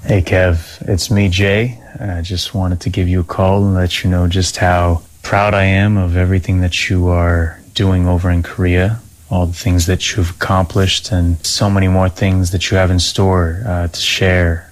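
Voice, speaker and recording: A man's voice: low voice, little pitch movement, measured pace, hardly any pauses. A man leaving an earnest voicemail message for a friend.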